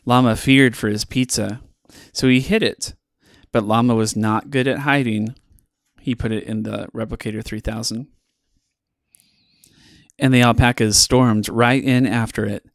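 A man reads a children's picture book aloud with playful expression and dramatic pauses. His pitch sits in the middle range, and the sound is dry and close, with no room around it. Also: steady tone, no echo. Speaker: podcast host reading children's books. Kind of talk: storybook read-aloud.

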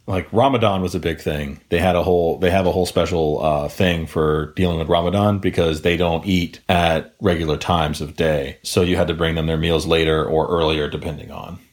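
Telling a long, casual story on the podcast he co-hosts, a young man swears a lot and acts out what people said in their own voices. He speaks a little fast with hardly any pauses, in a low voice, keeping the profane retelling animated.

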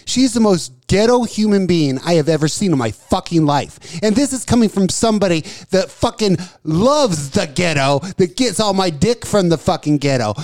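High-voiced man ranting crudely. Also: darkish tone, no room sound, studio quality. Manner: profane, ranting, emphatic. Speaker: podcast co-host. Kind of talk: crude casual radio banter. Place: small studio with desk mics.

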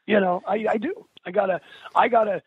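A man's voice: sits high, fairly even intonation, brisk, slightly rough, no room sound. An older man, a musician, speaking as an interview guest in an earnest, candid way, calling the host dude and bro. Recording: tinny phone line.

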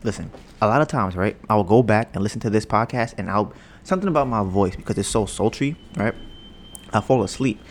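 A young man talks loosely into his podcast mic at home, wandering from topic to topic and joking about his own smooth voice. His voice sits low, with a faint hiss in the background. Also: animated, fairly quick. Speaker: podcast host. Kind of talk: casual podcast chat. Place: home, storm outside. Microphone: podcast mic with headphones.

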